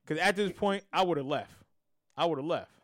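A man co-hosting a casual sports podcast, animated and repeating himself as he trash-talks teams. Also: fairly high pitch, moderate pace, no room sound, clean studio sound. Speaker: podcast co-host.

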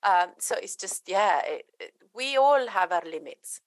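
Answering interview questions as a guest, a woman who trains dogs and works on behaviour speaks earnestly, restarting frequently and voicing the people she quotes. She sounds animated yet unhurried, mid-range in pitch, on a dry recording.

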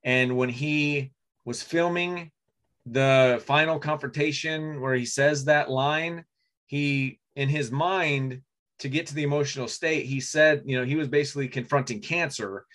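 A man co-hosting a casual movie podcast, rambling with many restarts and frequent throat clearing. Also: fairly high pitch, a little slow, fairly bright tone. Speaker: podcast co-host. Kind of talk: casual chat about movies.

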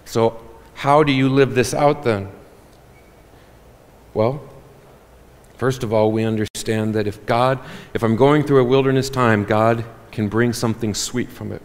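A man preaches a sermon to his congregation, animated and quick to joke. His voice sits at an ordinary pitch for a man. A long reverb trails each phrase around the church hall. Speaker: pastor.

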